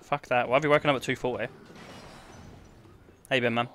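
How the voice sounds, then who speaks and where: Bright-voiced British streamer. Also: male voice, mid-range voice, steady tone, fairly quick, a little hiss or hum. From United Kingdom. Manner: joking, banter with chat, reads comments aloud. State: sick. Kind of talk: casual live-stream chat while gaming.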